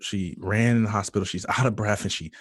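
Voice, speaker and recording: A man's voice: lowish voice, fairly even intonation, fairly quick, no room sound, clean studio sound. A man earnestly telling an emotional personal story in conversation, with many fillers and restarts. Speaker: guest sharing his testimony.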